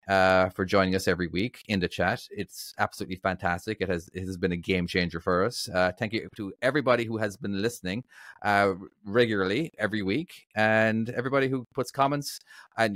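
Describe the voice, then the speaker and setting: Bright-voiced man hosting a podcast. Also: fairly low pitch, no room sound, clean studio sound. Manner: loose, laughing, filler-heavy. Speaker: podcast host. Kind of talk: casual podcast chat.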